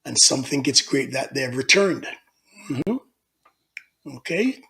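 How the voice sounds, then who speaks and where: A man's voice: medium pitch, lively intonation, unhurried, vocal fry, bright, forceful tone. A middle-aged Jamaican man hosting a casual livestream, reading out viewer comments and teasing them by name with easy laughter. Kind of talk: casual live-stream chat.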